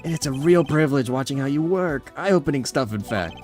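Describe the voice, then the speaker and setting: A man's voice: mid-range voice, animated, brisk, a little mellow, faint music behind, voice pushed up, lightly acted. A man voicing a cheeky male investigator with a brash, jokey way of talking. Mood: teasing.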